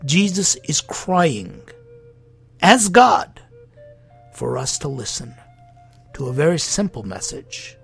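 Man, pastor, sermon, rhetorical questions, loud then hushed, gravelly voice. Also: on the high side, big pitch swings, slow, long pauses, faint music behind.

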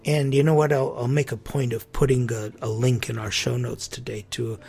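A man's voice: mid-range voice, level tone, normal speed, gravelly, a little mellow, slightly rough, faint music behind. A man hosting a religious talk show, telling a story in an earnest, reflective way that sometimes drops almost to a whisper. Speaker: host.

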